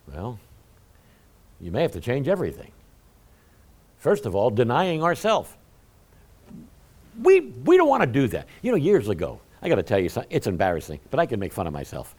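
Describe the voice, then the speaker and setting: Slightly rough and medium in pitch, this male pastor speaks a little fast and pauses often. He gives a conversational sermon with lively, humorous, self-deprecating stories, talking directly to his congregation.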